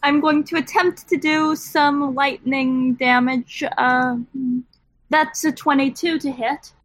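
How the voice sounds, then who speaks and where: A woman's voice: high-pitched, steady tone, slow, fairly bright tone, dry recording, poor audio. A woman playing a tabletop game, speaking with careful, precise phrasing. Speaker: player. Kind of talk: casual tabletop game play.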